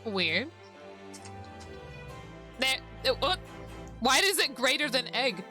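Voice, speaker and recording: A woman's voice: sits high, sing-song, takes it slowly, sharp tone, soft background music. A woman streamer chatting casually while playing a game, giggling and swearing freely. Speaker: VTuber streamer.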